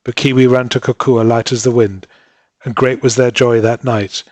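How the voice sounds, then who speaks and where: A man's voice: medium pitch, level tone, moderate pace, dry recording. Man reading a story, dry close sound. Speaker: audiobook reader. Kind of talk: scripted narration.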